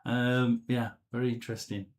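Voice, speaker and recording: A man hosting a live tarot session, musing aloud and often clearing his throat. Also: mid-range voice, moderate pace, low-quality recording. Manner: musing, talks to himself, frequent throat clearing. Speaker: tarot reader and live stream host. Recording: steady background noise.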